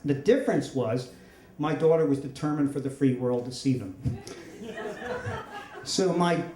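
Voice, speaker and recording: A man's voice: medium pitch, a little slow, a crowd in the background. A man in his fifties telling a funny, self-deprecating story on stage at a story slam. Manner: wry, self-deprecating humor. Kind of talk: live comedic storytelling. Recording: roomy echo.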